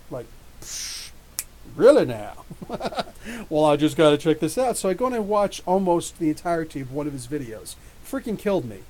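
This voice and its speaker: A middle-aged man hosting a live question-and-answer podcast, ranting in an animated, profane, mocking way. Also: fairly high pitch, rough recording. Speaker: podcast host. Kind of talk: live Q&A rant.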